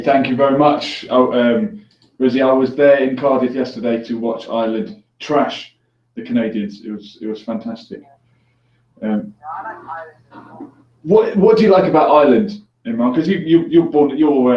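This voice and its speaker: Here a call-in host with a medium-pitched voice talks at a normal speed, keeping the chat casual, full of jokes and easy laughter. He has headphones on and a distant mic, and the recording sounds echoey, dull and lo-fi.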